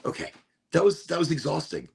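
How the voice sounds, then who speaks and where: A Florida man hosts his own podcast as a casual solo chat from a room at home with the window cracked, rambling in a laid-back way and often cutting himself off mid-sentence. His voice is medium in pitch, sing-song and creaky, at normal speed. There's slight background noise.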